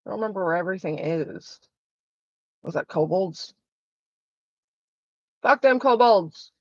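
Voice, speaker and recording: On a dry recording with the highs cut off, a female live streamer games from home and talks in an animated, unhurried, mid-range voice. Her chatter is casual, blunt and sarcastic, full of swearing, with occasional smoker's coughs.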